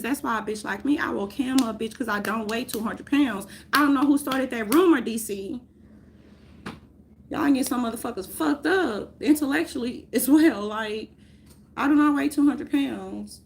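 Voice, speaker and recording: A woman vlogging in a casual, rambling rant, swearing often, laughing, and swinging between loud outbursts and mutters. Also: high voice, gravelly, slight background noise. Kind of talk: casual chat.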